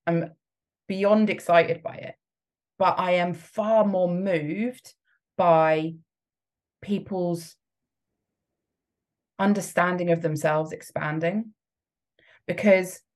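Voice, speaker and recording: A woman with a slightly low voice delivers a motivational coaching talk. She is emphatic and expressive, laughs often, and slips into the doubting inner voices she describes. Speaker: business coach.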